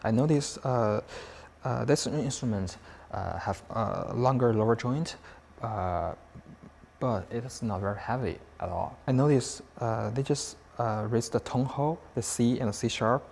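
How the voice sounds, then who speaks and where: A male clarinetist giving halting feedback with many fillers. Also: medium pitch, creaky, darkish tone, slight background noise.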